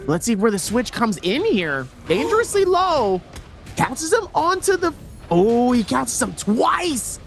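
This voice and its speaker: Male esports caster, high voice, lively swings, joking, faint hiss. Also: a little slow, vocal fry. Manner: joking, animated, laughs often. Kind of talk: playful esports commentary.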